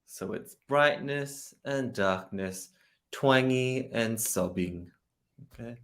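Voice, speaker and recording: A man working as a vocal coach, analyzing a singer's technique in a reaction commentary and getting excited as he demonstrates phrases. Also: mid-range voice, slow.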